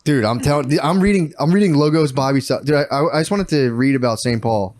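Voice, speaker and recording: A man's voice: mid-range voice, fast talker, no echo, clean studio sound. A man co-hosting a comedy podcast, telling a story with lots of swearing and acting out the people in it. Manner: animated storytelling full of swearing, acting out quotes. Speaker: podcast co-host. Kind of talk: casual comedic podcast chat. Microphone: podcast mic.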